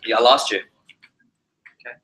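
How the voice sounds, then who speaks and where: Guy teaching public speaking to a crowd, bright sharp voice, lots of room echo, jumps around in speed and pitch. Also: slow. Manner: animated, varies speed and pitch to demonstrate points. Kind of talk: energetic presentation to a live group. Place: meeting room with a live audience. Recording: roomy echoey hall.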